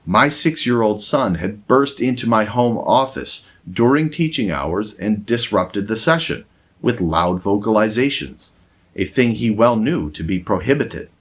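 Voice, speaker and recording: A man reading a moralizing essay aloud in a measured, deliberate scripted narration. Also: fairly low pitch, animated, husky. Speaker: essayist and former English teacher.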